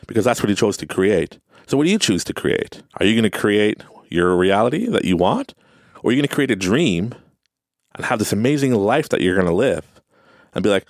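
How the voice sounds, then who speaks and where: Young male host, deep gravelly voice, lively and earnest motivational delivery, dry close sound. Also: fairly quick, no echo. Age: young adult. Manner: earnest, repetitive, animated, mimics others in high voices. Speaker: podcast host. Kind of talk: motivational talk.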